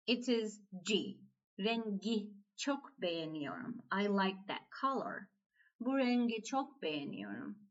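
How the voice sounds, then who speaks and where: A woman with a Turkish accent gives a language lesson at an unhurried pace, pausing often and repeating each phrase. Her voice sits at a middle pitch. The recording sounds somewhat dull and lo-fi. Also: fairly bright tone. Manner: slow, patient, repeats phrases. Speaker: Turkish teacher.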